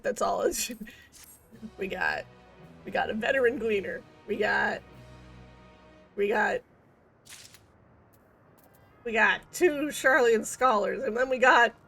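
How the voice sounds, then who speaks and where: A woman's voice: fairly high pitch, creaky, fairly bright tone. A woman streaming a game, rambling in casual commentary with goofy wordplay and self-mocking jokes.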